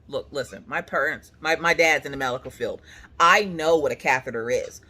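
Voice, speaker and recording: A woman vlogging casually from her couch, telling a story with animated energy and acting out what people said. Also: extremely low pitch, brisk, husky. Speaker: crafting vlogger. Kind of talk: casual chat. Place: home, on a couch.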